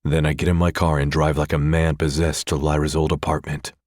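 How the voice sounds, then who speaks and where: A man's voice: a bass voice, flat delivery, fairly quick, a little mellow, no echo, clean studio sound. A man narrating a first-person romance audiobook in a tense, brooding way.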